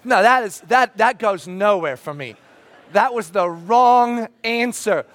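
A man in his forties preaching a sermon, telling a personal story in an animated way, with bursts of shouting when he acts out scenes. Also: high voice, takes it slowly. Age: 40s. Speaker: pastor.

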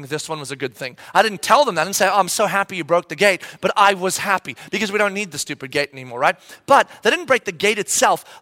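This pastor's voice sits high, caught in a dry, studio-quality recording. The man, in his thirties, delivers a sermon with an animated, humorous family story, imitating the voices of his children.

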